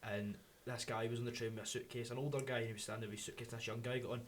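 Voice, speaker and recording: A young Scottish man co-hosting a radio chat show, telling animated anecdotes and laughing often. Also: mid-range voice, racing, a little hiss or hum. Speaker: radio co-host. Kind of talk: casual chat.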